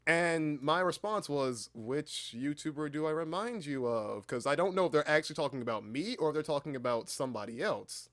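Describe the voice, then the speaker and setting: A young man with a slightly high voice tells a story on a casual livestream. He gets excitable, swears now and then, and keeps breaking off and restarting his sentences. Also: brisk, hardly any pauses. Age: young adult. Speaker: streamer and voice actor.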